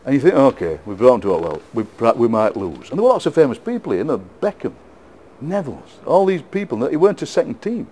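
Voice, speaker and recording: A middle-aged man with a Yorkshire accent, a poet being interviewed, telling lively football anecdotes with frequent laughs and repeated words. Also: mid-range voice, fast talker. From England. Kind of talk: casual storytelling interview.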